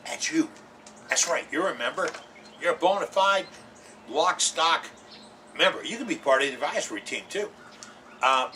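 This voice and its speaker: A man hosts a woodturning lesson, his voice bright and fairly high, swinging widely in pitch. He hammers home points by repeating them and drops in jokey asides. He sits some way back from the mic, with a faint hiss of room ambience behind him. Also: recorded from a distance. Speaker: woodturning show host. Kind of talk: folksy instructional talk to camera.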